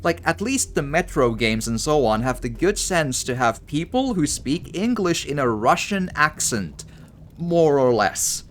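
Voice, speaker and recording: A man's voice: on the high side, sing-song, measured pace, a little hiss or hum. A man commenting casually while playing a game, rambling and stammering through a rant. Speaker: gaming streamer. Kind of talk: casual let's-play commentary.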